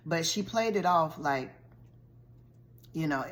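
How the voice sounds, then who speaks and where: A woman vlogger recapping a TV show's plot in a lively, colloquial storytelling style, full of slangy asides. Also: low voice, measured pace, pauses often. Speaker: vlogger reviewing a TV show.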